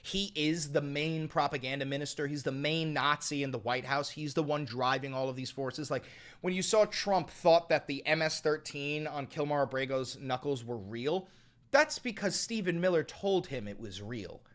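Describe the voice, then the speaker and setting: A man's voice: fairly high pitch, normal speed. A man hosting a live political stream, ranting in a heated, profane and mocking way.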